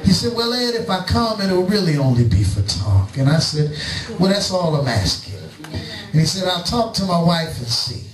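Middle-aged preacher, high voice, slow story with voices for each side, big roomy church sound. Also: male voice, sing-song, recorded from a distance. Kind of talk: sermon storytelling. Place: church sanctuary. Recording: echoey church, preacher away from the mic.

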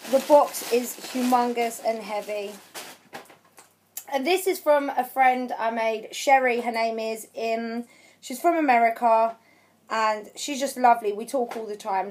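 A woman chatting through an unboxing on her craft channel, emotional, gushing with thanks and shaky with excitement. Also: fairly high pitch, a little hiss or hum. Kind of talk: unboxing vlog chat.

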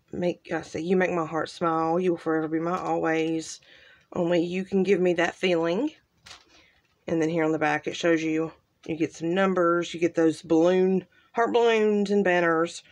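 A woman hosting a casual crafting unboxing, gushing softly and trailing off into quiet asides. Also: on the low side. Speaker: crafting channel host. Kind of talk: casual unboxing show-and-tell.

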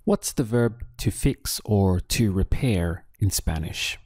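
A man with a low, mellow voice gives a language lesson at an unhurried pace. He speaks patiently and leaves pauses for the listener to answer, recorded dry and close. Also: lively intonation, no room sound. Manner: slow, patient, with drill pauses. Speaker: Spanish teacher.

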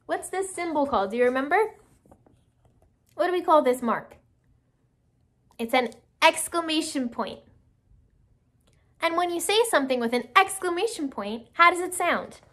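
A woman's voice: high voice, lively intonation, normal speed, long pauses, a bit bright. A woman teacher reading a picture book aloud to children, asking them questions and encouraging answers.

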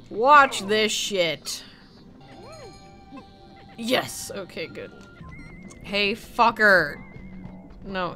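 A woman giving loud, profane commentary over gameplay, scolding and cheering the characters on screen and laughing often. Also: fairly high pitch. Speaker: gaming video creator.

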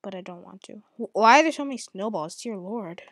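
A woman giving live commentary on her own gameplay at home, muttering to herself and then yelling at opponents in exasperation, with mild cursing. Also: expressive, fairly quick, no echo, clean studio sound. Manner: swings from low muttering to angry yelling at opponents. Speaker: gamer.

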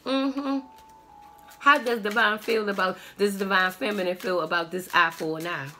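A woman's voice: medium pitch, steady tone, moderate pace, sharp tone, faint music behind. A woman doing a tarot reading on camera, talking in a blunt, sassy and profane way. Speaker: tarot reader.

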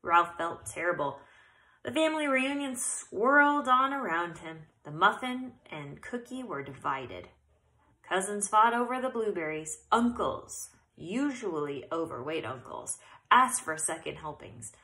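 Brief: expressive female storybook reader, bright and animated. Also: lowish voice, a little slow, poor audio. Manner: expressive, occasional self-corrections. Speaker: narrator. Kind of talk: storybook read-aloud.

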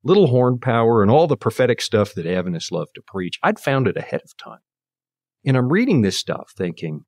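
A man's voice: mid-range voice, very animated, brisk, a little mellow, dry recording, studio quality. A man in his fifties from Canada, telling his faith story as an interview guest and acting out the voices he quotes. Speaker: guest preacher. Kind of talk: personal testimony in conversation.

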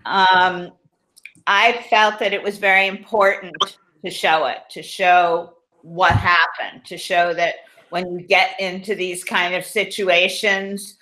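Slow, bright-voiced woman filmmaker. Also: on the low side, flat delivery, rough recording. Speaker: filmmaker on a panel. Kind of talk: panel discussion answer.

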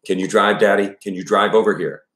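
A man's voice: deep voice, fairly even intonation, brisk, fairly bright tone. A man voicing a frightened, tearful college-age woman who pleads near tears. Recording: echoey room.

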